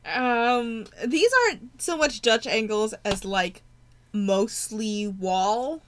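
A woman co-hosting a podcast in casual chat, sarcastic and animated, often laughing as she recaps a show. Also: fairly high pitch, takes it slowly, a little hiss or hum. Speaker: podcast co-host.

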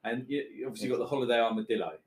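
A man's voice: medium pitch, very fast. A man co-hosting a casual football podcast, chatty and telling stories with lots of filler words. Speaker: podcast co-host. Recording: roomy echo.

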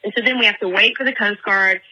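A young woman leaving a casual voicemail, retelling a story in a chatty, animated way with many fillers. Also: medium pitch, quick pace, poor audio. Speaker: voicemail caller.

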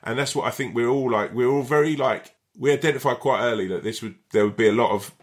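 A man's voice: medium pitch, fast. A man, an actor talking casually in an interview, rambling with lots of fillers and frequent swearing. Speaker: actor and guest.

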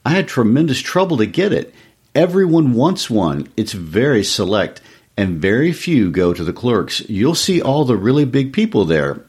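An eager, kindly husband who is anxious to please, voiced by a man reading the story, pleads earnestly with a lifted, lively, slightly husky tone. The voice rises higher than his reading voice. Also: moderate pace.

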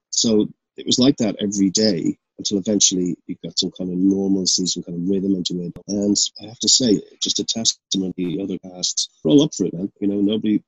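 A man's voice: lowish voice, husky, no echo, highs cut off. A man on a panel speaking earnestly and reflectively, with many fillers. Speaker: actor on a panel. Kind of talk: panel discussion.

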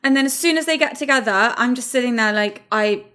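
A woman hosting a casual chat, giggly and excitable. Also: a little high, a little fast.

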